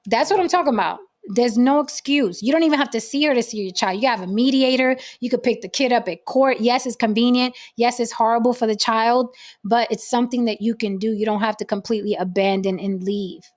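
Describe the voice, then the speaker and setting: A woman's voice: a little high, fairly quick. A woman hosting a livestream talk show, speaking bluntly and emphatically with frequent profanity. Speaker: host.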